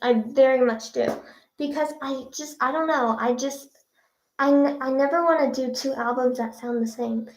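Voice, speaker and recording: A woman's voice: high-pitched, moderate pace. Bubbly young woman chatting on a livestream. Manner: bubbly, chatty, reads out viewer comments. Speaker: singer hosting a livestream. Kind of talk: casual livestream chat. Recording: echoey room.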